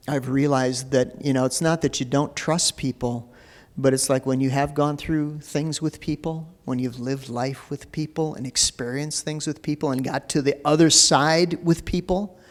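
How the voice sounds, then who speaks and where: A man preaching a sermon as pastor, talking in a loose, conversational way full of fillers. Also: mid-range voice. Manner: conversational preaching with many "you know" fillers. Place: church sanctuary. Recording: long reverb of a church hall.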